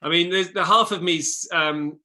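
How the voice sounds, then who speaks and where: A man's voice: high voice, measured pace, pushed and bright. A man in his thirties, a former rower, talking in a casual conversation with many restarts and repeated words. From England. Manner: hesitant, repeats words at the start of phrases. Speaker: guest, former Olympic rower.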